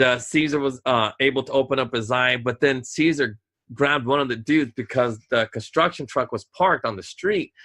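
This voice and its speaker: Male podcast host, bright and forward tone, loose animated storytelling. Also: medium pitch. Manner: rambling, animated, acts out voices in quotes. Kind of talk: casual storytelling.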